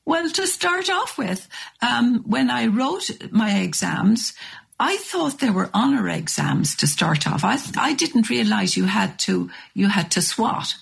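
An older Irish woman telling a story with lively, animated delivery in a radio interview. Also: on the high side, takes it slowly, gravelly, slightly rough. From Ireland. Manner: animated storyteller, restarts and acts out voices. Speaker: guest.

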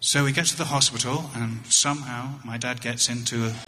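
A middle-aged English man telling a wry story on stage as a touring comedian, halting and often repeating his words. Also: mid-range voice, fairly even intonation, pushed and bright, a little hiss or hum. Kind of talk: storytelling stand-up. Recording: echoey hall.

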